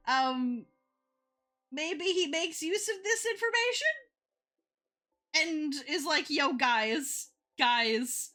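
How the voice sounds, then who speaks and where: A woman's voice: sits high, bright, forceful tone. A woman streamer chatting casually while she draws, rambling and giggling between thoughts. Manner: retells others' lines in quick playful voices. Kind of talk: casual chat while drawing on a live stream.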